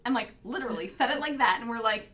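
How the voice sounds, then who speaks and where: A woman's voice: a little high, quick pace, sharp tone. A woman, a mother, chatting casually and telling amused anecdotes about her daughter. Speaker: podcast co-host, mother. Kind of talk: casual chat.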